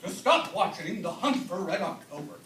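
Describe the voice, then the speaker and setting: Exasperated coworker played by a young man, scolding, lively high voice, bright tone, distant echoey stage sound. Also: moderate pace, slight background noise. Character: exasperated male office coworker, the straight man. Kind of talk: stage play acting.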